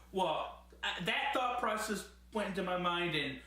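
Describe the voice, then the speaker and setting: Man, reviewer, slightly high voice, chatty and excitable, heavy room echo. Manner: enthusiastic, rambling, laughs often. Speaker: wrestling show reviewer. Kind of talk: casual spoken review. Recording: very echoey room.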